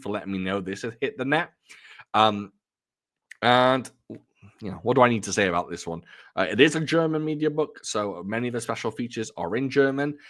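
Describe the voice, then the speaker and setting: A man's voice: fairly low pitch, fairly bright tone. A man casually chatting at home about films he has bought, rambling and poking fun at himself. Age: adult. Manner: rambling, chatty, self-deprecating. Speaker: film collector vlogger. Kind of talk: casual chat showing off purchases.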